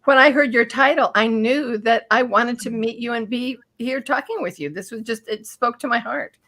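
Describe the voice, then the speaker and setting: A woman's voice: a little high, normal speed, fairly bright tone. Earnest, gracious woman guest. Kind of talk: casual interview chat.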